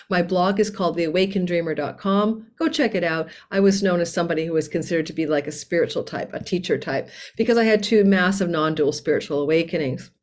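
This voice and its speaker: A woman hosting her own astrology channel, talking through a casual forecast in a chatty, candid, expressive way and laughing often. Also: on the low side. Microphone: desk mic under a tablecloth.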